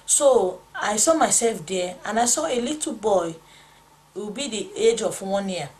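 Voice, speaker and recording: A woman's voice: mid-range voice, expressive, unhurried, a little mellow, poor audio. A woman telling a dream testimony in a church setting, earnest and storytelling, repeating lines as her feeling rises. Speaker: pastor's wife sharing a dream testimony. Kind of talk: spoken testimony.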